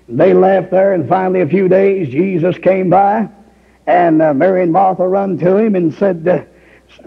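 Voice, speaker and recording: A male preacher with a high, very gravelly, husky voice tells the story in a folksy way and rises into shouting. The recording is dull and lo-fi, and there is a long hall reverb behind him. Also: expressive, normal speed. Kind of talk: fiery revival sermon.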